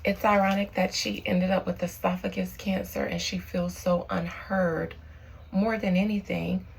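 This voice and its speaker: Lady psychic medium doing a channeling session, lowish gravelly voice, solemn and earnest. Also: low-quality recording. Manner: slow, solemn invocations with drawn-out names; reflective, earnest commentary.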